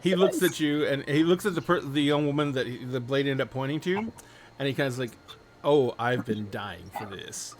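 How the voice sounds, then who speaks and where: A man's voice: a little high, brisk, crowd noise. Rambling male game master. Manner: loose, rambling storytelling with fillers and restarts. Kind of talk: narrating a tabletop role-playing game.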